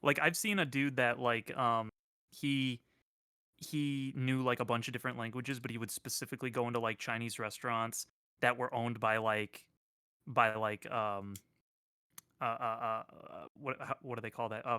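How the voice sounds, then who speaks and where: A man's voice: mid-range voice, fairly even intonation, moderate pace, bright, forceful tone, smooth, no room sound, clean studio sound. A man co-hosting a casual livestream chat, telling a story in a rambling way with lots of fillers. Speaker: co-host.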